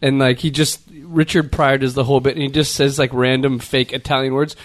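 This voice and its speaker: A man's voice: medium pitch, level tone, fairly quick, no room sound. A man from Southern California co-hosting a comedy podcast, joking and riffing with mock East Coast voices. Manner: jokey, slips into loud exaggerated East Coast impressions. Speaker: podcast co-host.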